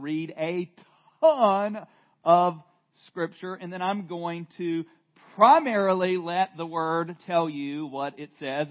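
A male pastor with a fairly high voice delivers a sermon slowly and earnestly, pausing and restarting as he goes. He speaks to a room of listeners. The recording is dull and lo-fi. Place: church room with congregation.

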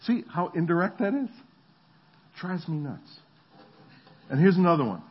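Husky animated preacher man. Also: sits high, normal speed, dull audio. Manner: animated storytelling, acts out voices. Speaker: pastor. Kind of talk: sermon.

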